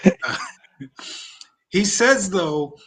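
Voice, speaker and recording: A man's voice: high-pitched, very animated, very slow, a bit bright. A man hosting a podcast, casually recapping events with a dry, wry manner. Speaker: podcast host reviewing wrestling. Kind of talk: casual chat.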